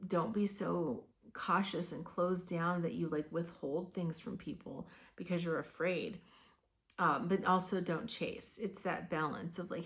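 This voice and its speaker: Woman giving a chatty tarot reading. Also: sits low. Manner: conversational, lots of "like" and "um" fillers; encouraging, coaching tone. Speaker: tarot reader. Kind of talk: casual tarot reading to camera.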